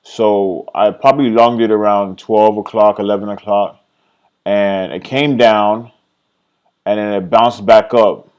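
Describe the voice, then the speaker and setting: A young man recapping his day trades in a casual screen-share vlog, rambling, swearing and blaming himself, and voicing his own past thoughts in an excited, higher voice. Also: a little slow, clear, resonant tone, lo-fi sound. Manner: rambling, self-critical, swears freely, trails off and restarts.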